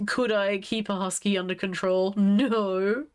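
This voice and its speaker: A woman's voice: mid-range voice, steady tone, unhurried, clean tone. A woman streamer chatting casually on a live stream, gushing and giggling as she reacts to what is on screen. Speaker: livestreamer.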